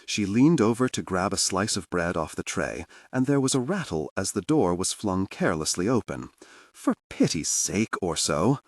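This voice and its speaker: A man reading a fantasy audiobook in a deep, husky voice. His delivery swings widely in pitch as he tells the story. The sound is close and dry. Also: normal speed, hardly any pauses, no echo. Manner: expressive storytelling. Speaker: audiobook narrator. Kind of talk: scripted narration.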